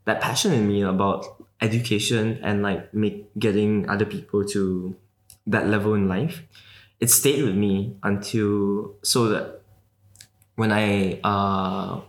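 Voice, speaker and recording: A young man from Malaysia, a guest in a casual interview, talking quickly and loosely with lots of "like" fillers and the odd swear word. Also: lowish voice. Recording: roomy echoey recording.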